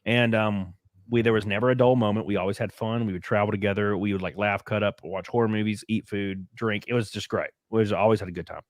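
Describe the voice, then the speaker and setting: Open-hearted man, low voice, dry sound. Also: steady tone, fast talker, no room sound. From United States. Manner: candid, rambling storytelling with many fillers. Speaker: podcast host. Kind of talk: casual chat.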